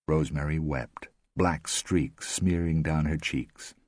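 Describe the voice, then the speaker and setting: Deep, husky male audiobook narrator. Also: takes it slowly, hardly any pauses, no echo. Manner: steady, expressive reading. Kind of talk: scripted narration.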